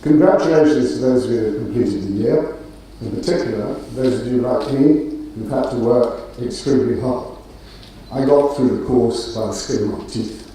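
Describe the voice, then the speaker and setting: A man's voice: mid-range voice, moderate pace, dark tone, a little hiss or hum. Self-deprecating man speaking in a roomy hall. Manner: self-deprecating, dry humor, hesitant fillers. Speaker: graduation speaker. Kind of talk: ceremonial speech. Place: large auditorium. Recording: roomy hall, distant mic, faint ambience.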